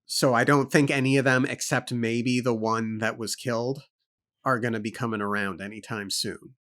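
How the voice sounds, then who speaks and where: A man's voice: mid-range voice, steady tone, normal speed, a bit bright. A man co-hosting a book club podcast, thinking aloud and laying out his points and questions one by one. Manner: thoughtful, lists points and questions. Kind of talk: casual book discussion.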